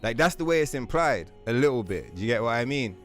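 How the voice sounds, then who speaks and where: A young man streaming a game tells a long, rambling story in casual chat, swearing heavily and using lots of fillers. His mid-range voice moves quickly with big pitch swings, and faint music plays behind him.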